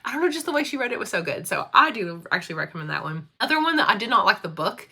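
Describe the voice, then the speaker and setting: Bright-voiced chatty woman. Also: mid-range voice, very animated, racing, creaky, slightly rough. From Kentucky, USA. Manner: chatty, laughs often, many fillers. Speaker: school librarian and book vlogger. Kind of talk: casual chat.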